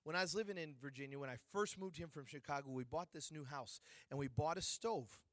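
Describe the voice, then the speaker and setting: High-pitched male preacher telling a lively anecdote from the pulpit, dry and close. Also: brisk, no echo. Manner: animated, joking with the congregation. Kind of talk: storytelling sermon. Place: church.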